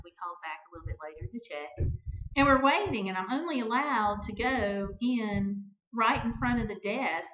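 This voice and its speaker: A middle-aged woman hosting a vlog, telling a personal story in an animated way and acting out both sides of an argument. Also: medium pitch, a little hiss or hum. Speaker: vlog host. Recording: echoey, dull-sounding room recording.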